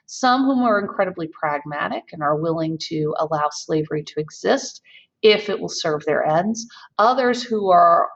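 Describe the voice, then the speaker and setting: Woman teacher for a recorded lecture: calm, explanatory delivery, medium voice, somewhat lo-fi sound. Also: medium pitch. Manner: measured, explanatory, occasional ums. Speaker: history teacher.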